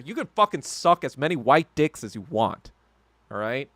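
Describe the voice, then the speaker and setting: A man hosting a solo podcast, ranting heatedly and with heavy profanity, swinging from low muttering to loud outbursts. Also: very animated, normal speed, no echo, studio quality. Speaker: podcast host.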